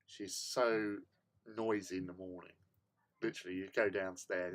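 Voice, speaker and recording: A man's voice: on the low side, expressive, takes it slowly, pauses often. A man hosting a hobby livestream, chatting casually in a rambling, self-mocking way. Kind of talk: casual chat.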